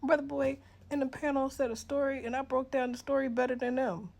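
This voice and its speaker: A woman ranting bluntly in a casual vlog, cursing freely and swinging between loud outbursts and hushed, breathy asides. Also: high-pitched, flat delivery, fairly quick. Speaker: social media creator.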